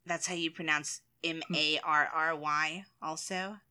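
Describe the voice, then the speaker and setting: A woman's voice: deep voice, steady tone, a little slow, sharp tone, clear, resonant tone. A woman in a casual chat, asking curious questions and laughing often.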